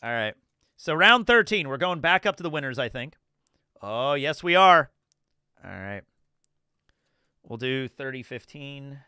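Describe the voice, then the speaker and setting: A man's voice: mid-range voice, very animated, unhurried, long pauses, bright, forceful tone, clean tone, no room sound, studio quality. A man from New Jersey giving chatty, casual livestream commentary, laughing often and swearing freely. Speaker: streamer.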